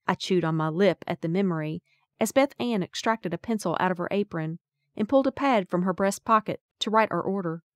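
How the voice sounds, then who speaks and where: A woman's voice: on the low side, a little fast, dry recording, clean studio sound. A woman narrating a first-person audiobook in a wry, folksy storytelling manner.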